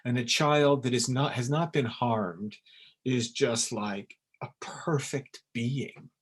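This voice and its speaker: A man teaching in a webinar, in an earnest and emphatic way, with sudden lively jumps in pitch. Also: slow, breathy edge. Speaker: essence maker teaching a webinar. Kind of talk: webinar talk. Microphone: webinar recording.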